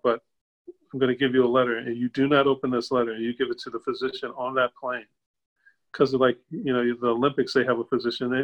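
An older man, a guest on a video call, tells a personal story in a casual way. He acts out the quoted voices with sudden jumps up in pitch and chuckles as he goes. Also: lo-fi sound. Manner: chuckles while telling. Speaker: interview guest.

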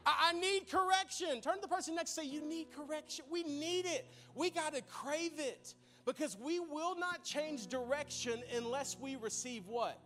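High-voiced man preaching a lively sermon. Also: moderate pace, few pauses, soft background music. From Arkansas. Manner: lively, humorous, laughs often, addresses congregation directly. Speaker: pastor. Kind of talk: sermon with storytelling. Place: church.

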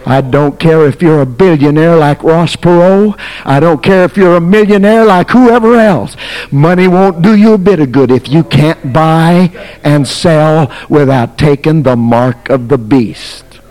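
Male pastor, high-pitched and deliberate, dramatic shouts and hushed asides. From United States. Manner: dramatic, swings from shouts to near whispers. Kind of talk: fiery sermon storytelling.

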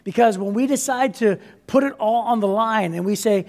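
A man delivers an energetic, conversational sermon with a high-pitched and gravelly voice. He keeps checking in with his listeners as he goes. The sound carries a long hall reverb. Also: fairly quick, few pauses. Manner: energetic, conversational, with frequent "right?" asides. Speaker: pastor.

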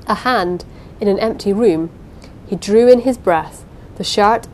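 Woman, audiobook narrator, dramatic suspenseful reading, first-person story, low voice, faint background rumble. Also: a little mellow, rough recording.

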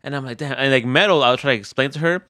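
Young male co-host, lively storyteller, mid-pitched voice, dry close sound. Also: quick pace, no echo. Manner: animated storyteller, acts out quotes in a high voice. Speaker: podcast co-host. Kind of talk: casual chat.

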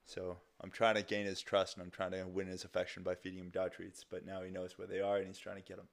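A man's voice: sits low, completely flat delivery, fast talker, gravelly. A young man hosting a casual solo podcast, rambling loosely with lots of fillers and restarts and some casual swearing. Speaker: podcast host.

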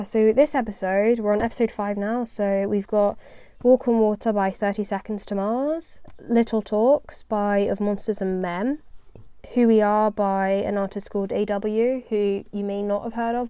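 A woman's voice: mid-range voice, warm tone, clean tone, dry recording. A young woman from the UK hosting her own podcast, chatting casually and rambling, with a self-deprecating humour. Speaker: podcast host. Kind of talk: casual solo podcast chat.

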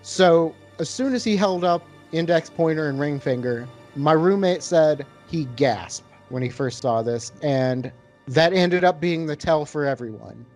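A man's voice: on the high side, animated, measured pace, a little mellow, soft background music. A man hosting a casual podcast chat, talking loosely with many filler words while reviewing a beer. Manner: laid-back, lots of filler words.

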